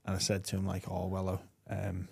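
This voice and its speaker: A man hosting a podcast, chatting casually and telling stories in an animated way, from England. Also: sits low, fairly quick, creaky, breathy edge. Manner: animated storyteller, acts out voices with laughs. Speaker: podcast host. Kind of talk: casual interview chat.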